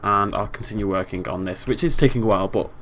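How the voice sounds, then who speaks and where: A man's voice: fairly low pitch, fast, fairly bright tone, slight background noise. A young British man giving casual, chatty let's play commentary, playfully talking to the game animals.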